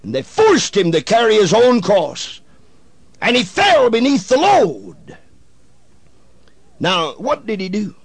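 A man preaching a radio sermon, swinging from hushed pleading to shouting, with old-fashioned prayer language. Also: sits high, huge pitch swings, slow, creaky, long pauses, slightly rough, no room sound.

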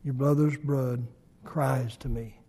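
A preacher voicing God as a stern judge, declaring in solemn old-fashioned wording. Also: male voice, mid-range voice, fairly even intonation, slow, warm tone, breathy edge, voice pushed down. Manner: solemn, archaic proclamation.

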